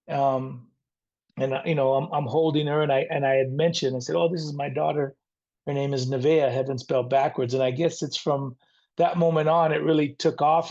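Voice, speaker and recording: An earnest middle-aged man tells his life story as an interview guest. His voice sits a little high with plenty of gravelly fry. The recording sounds dull and lo-fi. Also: darkish tone. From San Diego area, near the Mexican border. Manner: earnest, reflective, faith-centered. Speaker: guest, rock band frontman.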